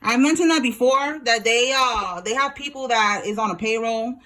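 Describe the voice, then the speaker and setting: A woman with a slightly high voice leads a casual tarot reading and talks straight to her viewers. Her tone is blunt and slangy, and she swears freely. She keeps it loose and chatty throughout. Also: normal speed, pushed and bright. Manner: talks to viewers directly while pulling cards. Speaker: tarot reader.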